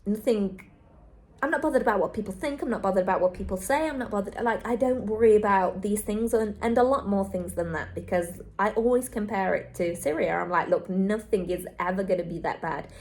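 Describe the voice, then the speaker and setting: A woman's voice: mid-range voice, brisk, a little mellow. Earnest woman vlogging to camera. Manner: earnest, repetitive, heartfelt. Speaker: travel vlogger. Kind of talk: candid vlog monologue to camera.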